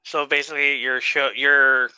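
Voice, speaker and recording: A man casually recaps a TV episode for his podcast, relaxed and loose, with easy swearing and quick laughs. His voice is very bright and sharp, close to the mic in a dry, dead room. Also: mid-range voice, clear, resonant tone, dry recording, rough recording. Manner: laid-back, swears casually, laughs often. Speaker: podcast host.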